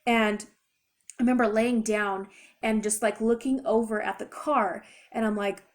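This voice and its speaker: A woman's voice: a little high, a little slow. Chatty young woman telling a story. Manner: chatty, rambling, expressive retelling. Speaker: vlogger. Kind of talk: casual storytime.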